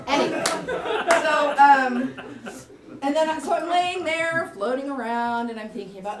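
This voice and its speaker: Woman doing a live comic story onstage, kinda high voice, audience noise behind her. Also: normal speed, recorded from a distance, a loud crowd. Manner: wry, animated, self-mocking. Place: theater stage before a laughing audience. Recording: roomy live theater recording with audience noise.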